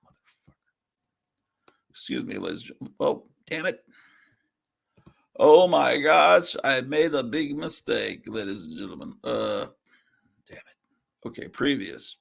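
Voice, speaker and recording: A man's voice: medium pitch, expressive, measured pace, gravelly, pauses often, a bit bright. A man hosting a casual livestream, rambling and self-deprecating as he reads old comics and swears under his breath. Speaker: host.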